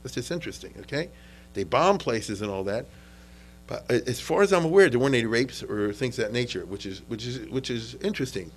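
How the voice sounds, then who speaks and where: A man's voice: mid-range voice, expressive, brisk, a little hiss or hum, rough recording. A man giving an informal history lecture, conversational and often checking in with listeners, mixing in Yiddish and Hebrew terms.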